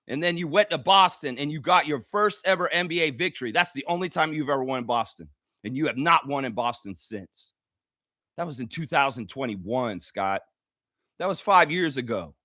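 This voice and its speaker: Man, sports reaction host, heated profane rant, high-pitched, dry sound. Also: bright, forceful tone, no room sound. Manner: profane, heated ranting, mocks players directly. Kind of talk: live basketball reaction rant.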